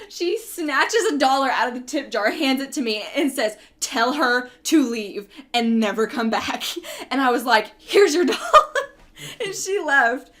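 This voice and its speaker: Young woman, high-pitched, lively casual storyteller. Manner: animated, laughing storyteller acting out customers. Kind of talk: casual chat.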